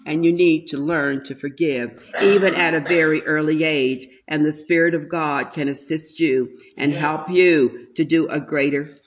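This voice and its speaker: Slow, emphatic woman preaching. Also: sits low, steady tone. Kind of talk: sermon.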